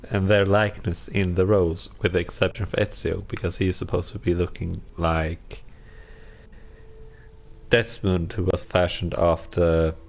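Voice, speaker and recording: A man casually commenting on his gameplay, musing aloud and reacting to himself as he plays. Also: sits low. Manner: relaxed, musing, talks to himself while playing. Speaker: game streamer.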